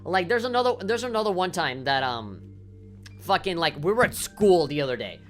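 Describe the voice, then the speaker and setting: A woman's voice: on the low side, big pitch swings, brisk, faint music behind. A woman game streamer ranting on a livestream, swearing often and heated, with lots of fillers.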